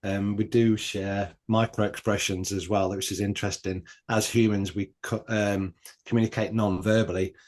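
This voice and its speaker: A man's voice: on the low side, flat delivery, normal speed, a little mellow. A man talking as a guest on a casual podcast, reflecting on his own experience with frequent ums. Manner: reflective, shares personal experience with many ums.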